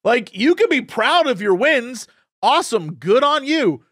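A young man co-hosting a podcast, ranting in a casual, opinionated, animated way. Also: very high voice, a little slow, no echo, clean studio sound. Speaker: podcast co-host. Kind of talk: casual chat.

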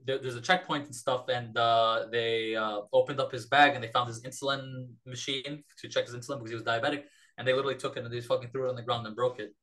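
A man's voice: medium pitch, flat delivery, quick pace, a bit bright, rough recording. A man from Palestine, a podcast guest, retelling a story in a casual, rambling, profane way.

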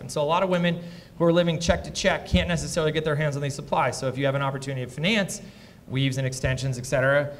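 A man who invests in startups, speaking as a fireside chat guest before a live audience, blunt and profane as he tells lively anecdotes. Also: on the high side, in a large hall, a little hiss or hum. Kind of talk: candid onstage storytelling.

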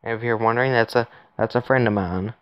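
A man's voice: mid-range voice, fast, clean tone, no echo, dull audio. A man giving rambling, casual commentary to his viewers while playing a phone game, recorded on his phone. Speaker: gaming YouTuber.

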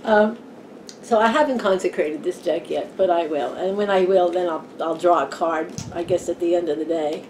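A woman's voice: on the low side, brisk, few pauses, a little mellow, a little hiss or hum. A woman hosting her own tarot vlog from home, chatting casually, rambling and laughing easily. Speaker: tarot channel host. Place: home room with a fan running.

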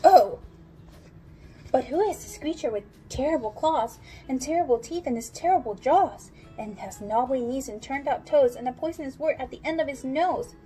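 A woman's voice: sits high, a little fast, hardly any pauses, mellow, faint music behind, low-quality recording. A preschool teacher reading a picture book aloud to children, exclaiming with big leaps in her voice. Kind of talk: storybook read-aloud for children.

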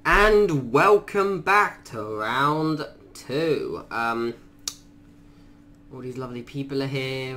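A man doing let's play commentary, muttering quietly to himself and then bursting into panicked shrieks and swearing. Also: mid-range voice, slight background noise. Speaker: gaming YouTuber.

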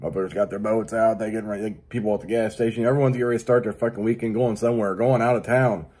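A man's voice: fairly low pitch, fairly even intonation, racing, darkish tone, slightly rough. A middle-aged man hosting his own show, talking casually in a crude, profane, joking way. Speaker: podcast host. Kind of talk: casual solo monologue.

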